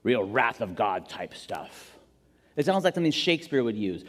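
Pastor guy preaching, bouncy high voice, big echoey hall. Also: fast talker. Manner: animated, jokey, acts out quotes. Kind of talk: sermon. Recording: long reverb in a large hall.

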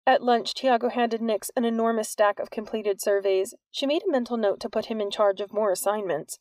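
Gravelly woman narrating a novel. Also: medium pitch, steady tone, normal speed, a little mellow, dry recording. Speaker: audiobook narrator. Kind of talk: scripted narration.

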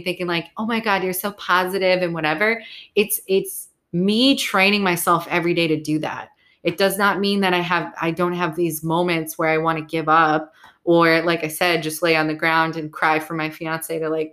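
With a low-leaning, fairly bright voice, this young adult woman runs a solo podcast monologue on staying positive, delivered in a relaxed, frank, profane way.

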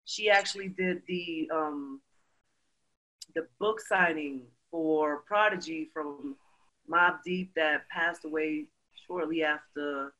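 A woman, a guest in a casual interview, telling her story with energy and leaning on lots of "you know"s. Her voice has a bright, forceful edge that carries each line. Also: sits low, steady tone, slow pace, low-quality recording. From Brooklyn, New York.

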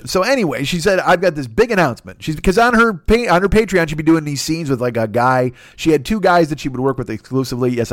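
A man's voice: on the high side, no room sound, clean studio sound. A man doing a profane, rambling comic monologue as a podcast host, slipping into mocking voices. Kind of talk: crude comedic monologue.

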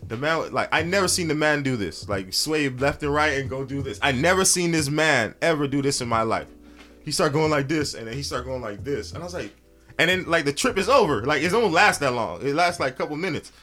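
Animated slangy man telling stories. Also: brisk, faint music behind. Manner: animated storytelling, loose slang, pitch jumps up high for quoted reactions. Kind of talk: casual chat.

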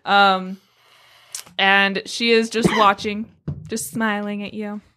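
A woman's voice: mid-range voice, flat delivery, slow, bright, forceful tone. A woman running a tabletop game as game master, narrating loosely and laughing often. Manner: giggly, loose and joking.

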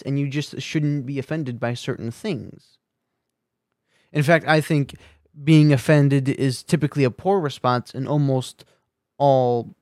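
A man's voice: medium pitch, a little mellow, no room sound, studio quality. A man giving an earnest, argumentative opinion monologue at home, thinking aloud as he goes. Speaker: commentator. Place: room at home with a bookshelf.

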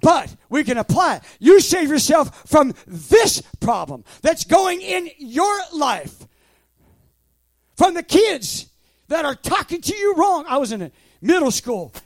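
A man in his sixties preaching a fervent sermon, shouting out phrases in loud bursts and laughing between stories. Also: extremely high pitch, big pitch swings, a little slow, dry recording, studio quality. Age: 60s.

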